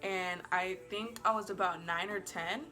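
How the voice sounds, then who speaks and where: A woman's voice: fairly low pitch, fairly even intonation, unhurried, pushed and bright, faint music behind. Bubbly rambling woman vlogger. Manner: chatty and rambling, heavy use of "like"; bubbly and giggly, apologizes playfully. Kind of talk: casual storytime vlog.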